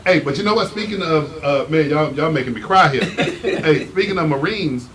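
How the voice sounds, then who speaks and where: A man hosting a casual talk show, animated and emphatic, teasing his guest. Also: fairly high pitch, moderate pace, slight background noise, low-quality recording. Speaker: host. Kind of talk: casual chat.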